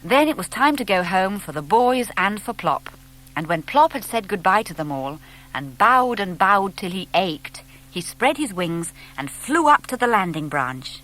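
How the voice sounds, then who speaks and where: A woman narrating a children's storybook in a gentle, expressive reading. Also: mid-range voice, unhurried. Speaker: audiobook narrator.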